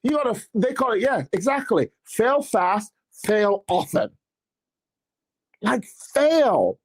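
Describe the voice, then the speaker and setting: Slow and high-pitched, a man who is an apostle and church leader urges listeners on faith and finances. His delivery is energetic and preacherly, with sarcasm slipped in along the way.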